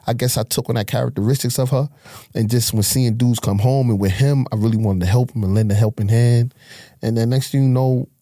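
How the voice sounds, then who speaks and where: A man's voice: no room sound, studio quality. A middle-aged man from Harlem, casually telling his life story in an interview, acting out the voices he quotes. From Harlem, New York. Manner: animated street storyteller, acts out quotes with big pitch jumps.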